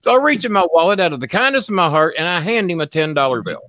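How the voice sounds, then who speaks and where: A man's voice: high-pitched, lively intonation, fast, pushed and bright, no echo. Profane rambling man telling a story. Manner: rambling, profane, repeats himself. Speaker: show host. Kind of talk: casual storytelling chat.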